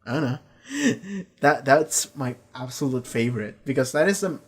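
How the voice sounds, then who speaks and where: A man giving a casual, rambling review of a TV season, swearing freely and retelling scenes with quick quoted lines. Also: medium pitch, expressive, breathy edge. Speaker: show reviewer.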